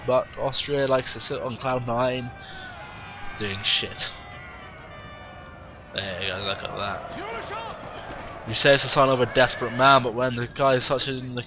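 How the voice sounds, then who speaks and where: A man's voice: mid-range voice, noisy background. A tired man who yawns now and then, giving casual, rambling, blunt commentary on a game replay and swearing freely. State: tired, yawning.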